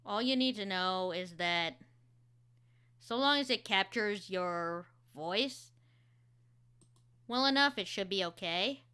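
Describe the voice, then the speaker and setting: A woman's voice: mid-range voice, takes it slowly, pauses often, pushed and bright, clear, resonant tone. A woman voice actor streaming, chatting casually and explaining how she works, with lots of fillers.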